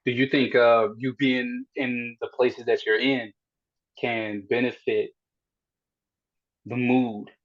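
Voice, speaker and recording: A man's voice: mid-range voice, little pitch movement, takes it slowly, long pauses, lo-fi sound. A man hosting a podcast, asking long, probing questions in casual chat and often restarting his sentences. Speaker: podcast host.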